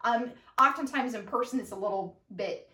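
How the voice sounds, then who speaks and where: A young woman co-hosts a podcast, chatting casually and playfully with plenty of fillers. Her voice is a little high, bright and forceful at a moderate pace, and the recording sounds roomy and distant.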